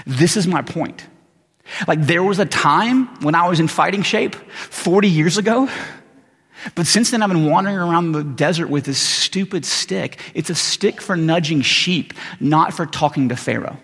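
A man's voice: on the high side, moderate pace, a bit bright, breathy edge. A man playing a weary old shepherd who doubts himself and complains in casual modern slang, with long hall reverb. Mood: exasperated.

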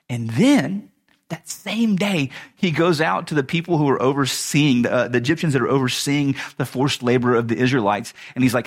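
A man's voice: mid-range voice, moderate pace. A man giving a sermon as a pastor, retelling a story in a casual, humorous way with chuckles and restarts.

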